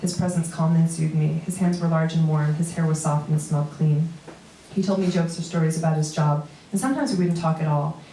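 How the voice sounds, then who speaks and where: Low-voiced woman reading prose on stage. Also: fairly even intonation, a little fast, dark tone, distant mic, a little hiss or hum. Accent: New York. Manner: reads steadily, with dry asides to the audience. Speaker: comedian reading a memoir piece. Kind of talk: live reading of personal prose. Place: small theater stage before an audience. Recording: roomy live venue recording from afar.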